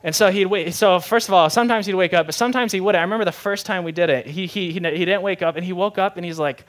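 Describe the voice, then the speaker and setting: A man's voice: sits high, fast talker, hardly any pauses, a bit bright. A young adult man, a pastor preaching a sermon in a conversational, candid way with self-deprecating humor.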